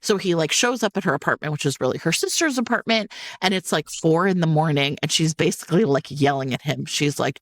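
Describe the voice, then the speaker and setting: A woman's voice: on the low side, very animated, brisk, dry recording, clean studio sound. A woman co-hosting a podcast, animatedly retelling a book in casual chat, full of restarts, asides and casual swearing. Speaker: podcast co-host.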